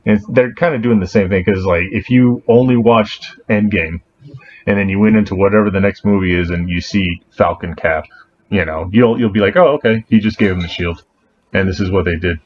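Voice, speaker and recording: Casting note: man, podcast co-host, low voice, rambling and profane, dull lo-fi recording with faint hiss. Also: a little fast. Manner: rambling and profane, with animated asides. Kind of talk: casual chat. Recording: dull lo-fi sound with faint noise.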